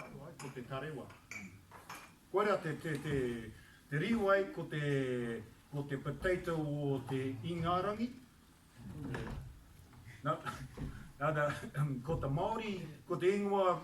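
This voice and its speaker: A man teaching a Māori language class, patiently repeating words slowly and mixing English with Māori. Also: a little high, fairly bright tone, a little hiss or hum. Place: church hall classroom. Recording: echoey room recorded from a distance.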